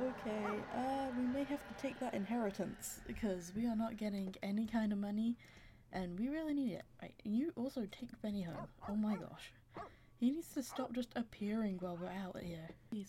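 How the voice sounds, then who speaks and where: A woman's voice: on the high side, dark tone, slight background noise. A woman giving casual let's-play commentary, chatty and giggly, talking to her characters as she plays. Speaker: gaming channel creator.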